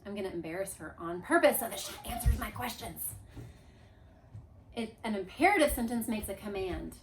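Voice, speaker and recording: Speaking briskly at medium pitch, the teacher guides her class through grammar review with lively coaxing and chanting. She's in an echoey classroom with a board, and a faint hiss or hum is present.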